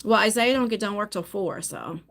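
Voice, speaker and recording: A woman's voice: medium pitch, fairly quick, creaky, a bit bright. A middle-aged woman chatting casually on a live phone stream, telling family stories with many restarts. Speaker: vlogger.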